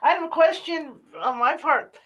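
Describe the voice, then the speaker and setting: A woman's voice: high voice, moderate pace, a bit bright, far from the mic, dull audio. A woman hosting an interview, asking questions and giving short, affirming replies. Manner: brief affirming responses. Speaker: podcast host. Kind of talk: casual interview.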